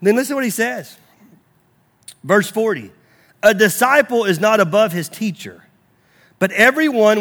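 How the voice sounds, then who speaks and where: Guy preaching a sermon, pretty high voice, lively, acts out little voices. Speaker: pastor.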